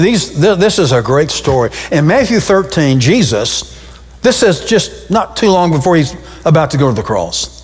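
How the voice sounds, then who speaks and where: A male pastor delivering a sermon in a fairly high voice that swings widely in pitch, jumping up for emphasis and sinking low. His pace speeds up and slows down as he drives points home. The sound carries the long reverb of a church hall. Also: husky. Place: church sanctuary.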